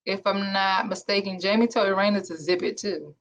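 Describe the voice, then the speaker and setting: A woman co-host with a mid-range voice, chatting in a relaxed way. She teases and jokes, and laughs freely. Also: mid-range voice, fairly quick. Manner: playful, teasing, laughs a lot. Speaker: podcast co-host. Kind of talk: casual chat reviewing a reality show.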